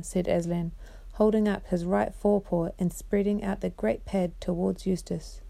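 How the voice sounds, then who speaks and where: Woman reading a bedtime story aloud: gentle, measured, mellow tone. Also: fairly low pitch, fairly even intonation, gravelly.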